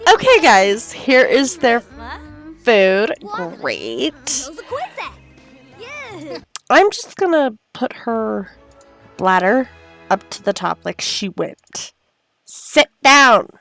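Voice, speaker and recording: A woman narrates her gameplay in a chatty, unhurried way and talks straight to her characters and to the people watching. Her voice sits a bit high and swings widely in pitch. Soft music plays quietly behind her. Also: very animated. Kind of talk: casual gameplay commentary. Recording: faint background music.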